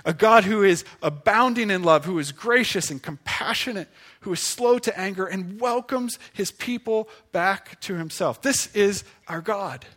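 A man preaching a sermon as pastor, earnest and pleading, slowing for emphasis and dropping to a hush. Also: sits high.

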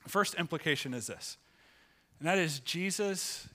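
Male pastor, sermon delivery, expressive storyteller, bright tense tone. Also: moderate pace. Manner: expressive, pitch rises for acted quotes. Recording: church sanctuary, live sermon.

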